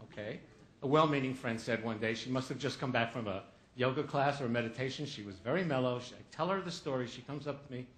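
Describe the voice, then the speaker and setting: A man's voice: mid-range voice, fast, fairly bright tone. A man giving a humorous motivational keynote, telling a story with comic asides and acting out the voices of the people in it. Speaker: keynote speaker.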